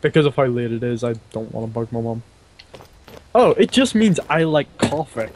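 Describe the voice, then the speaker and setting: A man's voice: medium pitch, big pitch swings, moderate pace, a little mellow. A young man chatting with a friend over a game, jokey and giggly, often apologizing for his teasing. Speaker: friend playing along on voice chat. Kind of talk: casual gaming chat.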